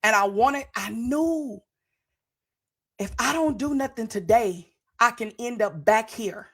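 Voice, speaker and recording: A woman in her forties speaks straight to her viewers with fervent, preacher-like conviction. Her voice sits a little high, and she circles back to key phrases again and again for emphasis. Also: takes it slowly, a bit bright. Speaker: podcast host. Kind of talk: motivational testimony to live viewers.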